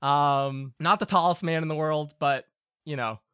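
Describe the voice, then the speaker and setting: Man, game master, casual filler-heavy narration, bright tone, dry close sound. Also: a little high, measured pace, smooth, dry recording.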